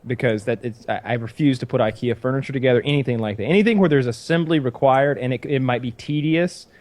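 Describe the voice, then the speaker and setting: A man's voice: mid-range voice, fast, a little mellow. Man, podcast host, casual chat, rambling, exasperated, swearing.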